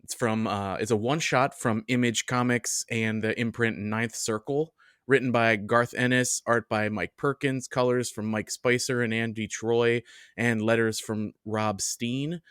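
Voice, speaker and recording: A man's voice: medium pitch, fairly even intonation, a little slow, a bit bright, smooth, no room sound, clean studio sound. A man chatting casually as a podcast guest, easygoing and often restarting his phrases.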